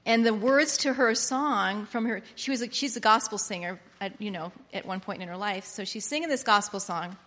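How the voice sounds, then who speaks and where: Animated woman preacher in an echoing hall. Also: medium pitch, moderate pace, hardly any pauses. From Pennsylvania. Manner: animated, swinging from hushed to loud exclamations. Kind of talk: sermon. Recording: long hall reverb.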